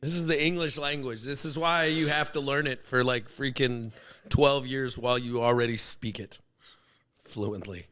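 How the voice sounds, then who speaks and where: A man with an average-pitched voice jokes his way through casual podcast chat, tossing in quick one-word quips. He sounds close to the mic. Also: fairly even intonation, sharp tone. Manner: joking, quick interjections. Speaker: podcast co-host.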